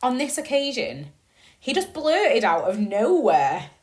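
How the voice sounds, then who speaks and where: A woman's voice: a little high, big pitch swings, darkish tone. Candid woman telling her story. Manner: candid and profane, swinging between slow reflection and bursts of emphasis. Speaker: podcast host. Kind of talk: personal storytelling monologue.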